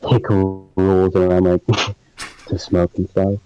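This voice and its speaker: A man's voice: low-pitched, completely flat delivery, slow, mellow, clean tone, no room sound, highs cut off, faint music behind. A young man co-hosting a casual live stream chat, rambling with lots of filler words and frequent laughter. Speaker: podcast co-host.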